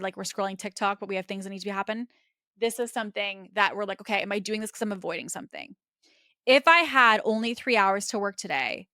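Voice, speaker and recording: A woman's voice: medium pitch, sharp tone, smooth, no room sound, clean studio sound. A woman hosting a solo business podcast, coaching listeners step by step in a direct way and often checking in with "okay?".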